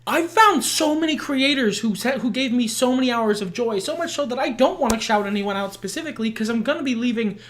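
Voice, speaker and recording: A man with a high, nasal voice co-hosting a podcast in casual chat, blunt and self-deprecating, swearing freely. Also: lively intonation, brisk, few pauses, a bit bright. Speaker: podcast co-host.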